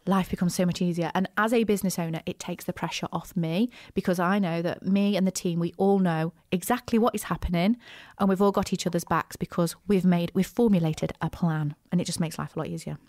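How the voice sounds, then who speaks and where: A woman hosting a business podcast, chatty and animated, with frequent asides and restarts. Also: lowish voice, a little fast, few pauses, no echo, clean studio sound. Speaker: podcast host, business coach. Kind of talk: casual solo podcast talk.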